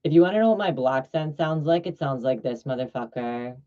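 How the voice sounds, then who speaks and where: Drag performer venting on a vlog, sassy n blunt, mid-pitch voice, muffled lo-fi sound. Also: expressive, fast. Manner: sassy, blunt, swearing, drifts off mid-thought. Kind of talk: ranting vlog monologue.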